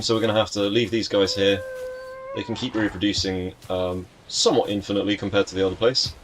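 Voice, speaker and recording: A man's voice: lowish voice, slight background noise. A young man chatting casually to his live chat as he streams a game, greeting viewers by name and joking around.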